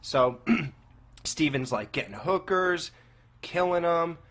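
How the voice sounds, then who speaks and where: A man's voice: a little high, lively intonation, slow, fairly bright tone. A man hosting a podcast in casual chat, rambling and asking hesitant questions. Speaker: podcast host.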